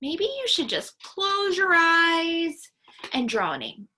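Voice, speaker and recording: A woman's voice: very high-pitched, big pitch swings, slow pace, pushed and bright, pitched above the performer's own voice, exaggerated voice. A woman voicing a matter-of-fact schoolgirl in a read-aloud storybook. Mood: reasoning. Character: practical schoolgirl classmate.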